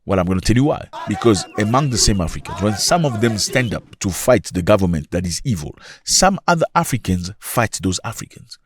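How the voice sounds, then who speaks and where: A man hosting opinionated commentary, talking in an animated way with rhetorical questions and sudden jumps in pitch. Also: brisk, few pauses. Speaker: commentary channel host.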